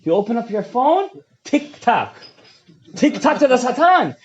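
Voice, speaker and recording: A man giving a fiery Torah lecture as a rabbi, swinging between loud outbursts and hushed asides, mixing English with Hebrew terms, on a dull lo-fi recording. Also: extremely high pitch, sing-song, measured pace. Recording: dull lo-fi audio.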